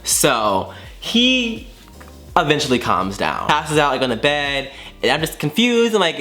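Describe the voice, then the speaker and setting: A young man tells a storytime vlog with a dramatic, profane delivery, his voice sitting at an average pitch for a man. Faint music plays underneath. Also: big pitch swings, moderate pace, pushed and bright. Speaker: vlogger.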